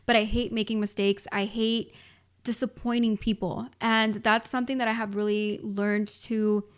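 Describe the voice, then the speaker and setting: A woman's voice: medium pitch, little pitch movement, normal speed, clear, resonant tone. A woman in her twenties hosting a motivational solo podcast, talking casually and emphatically with lots of filler words and direct address to listeners. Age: 20s. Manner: casual and emphatic, frequent "like" and "you guys". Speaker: podcast host.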